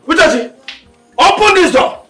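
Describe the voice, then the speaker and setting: An actor with a Nigerian accent playing a menacing man who shouts threats at his late brother's widow. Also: very high-pitched, expressive, unhurried, faint music behind, full character voice.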